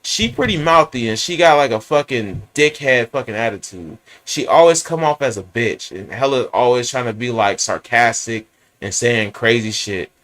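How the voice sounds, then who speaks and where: A man's voice: medium pitch, normal speed. A young man with a San Francisco Bay Area accent venting in a profane, rambling rant about his boss. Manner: animated, swearing, rambling rant.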